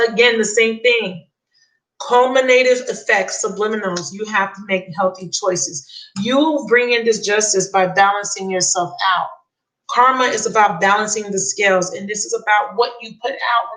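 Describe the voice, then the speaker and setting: Excited tarot-reading woman, lilt. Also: mid-range voice, low-quality recording. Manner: excited, emotional, repeats key phrases. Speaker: tarot reader. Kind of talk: live channeled tarot reading.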